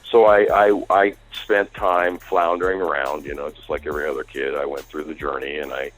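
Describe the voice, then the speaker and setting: A man's voice: very deep voice, fairly quick, faint music behind, rough recording. An older man telling a rambling story in a casual interview, livening up when he quotes conversations. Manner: rambling, animated when quoting dialogue. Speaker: music industry executive, guest.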